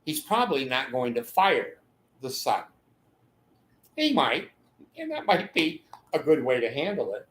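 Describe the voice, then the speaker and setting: A man's voice: mid-range voice, wildly swooping pitch, a little slow, pauses often, fairly bright tone. An older man talking in a rambling monologue, laughing mid-sentence and acting out the voices of people in his stories. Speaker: channel host giving advice. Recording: echoey room.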